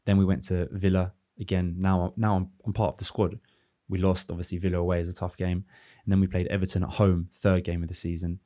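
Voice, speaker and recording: A man in his thirties, a former footballer, talking through his career in a relaxed, reflective podcast chat with many restarts. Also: low-pitched, fairly quick, hardly any pauses, no room sound. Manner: reflective, rambling with restarts and fillers. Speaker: former professional footballer, guest. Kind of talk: casual podcast conversation.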